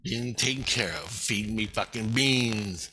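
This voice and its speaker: Angry rambling man, bright edgy voice. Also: on the low side, measured pace, slightly rough. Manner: angry, profanity-heavy, rambling. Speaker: vlogger. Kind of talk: rambling profane monologue.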